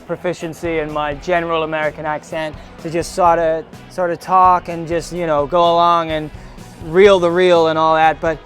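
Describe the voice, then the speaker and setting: Thoughtful British actor, fairly high voice. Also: male voice, level tone, moderate pace, fairly bright tone, soft background music. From Britain. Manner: thoughtful and explanatory. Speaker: stage actor. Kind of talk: casual interview.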